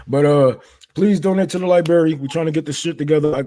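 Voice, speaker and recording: A man's voice: a little high, quick pace, mellow. A man hosting a casual political livestream, loose and profane, breaking into mocking asides and jokes. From Detroit. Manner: loose, profane and joking, drops into mocking put-on voices. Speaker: livestream host.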